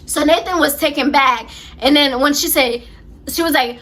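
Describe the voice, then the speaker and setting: A woman in her twenties telling a storytime vlog, emphatic and animated, on the verge of tears. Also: high voice, unhurried. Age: 20s. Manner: animated, emphatic retelling with many repeats. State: close to tears. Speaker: vlogger.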